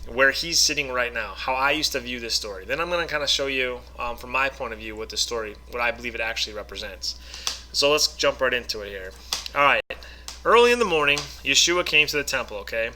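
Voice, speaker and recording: A man's voice: medium pitch, quick pace, sharp tone, a little hiss or hum. A man giving a casual Bible lesson, reading passages aloud and explaining them conversationally with frequent "okay?" and "right?" check-ins. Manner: reads scripture aloud, then explains it informally. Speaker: online Bible teacher. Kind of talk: casual scripture teaching to camera.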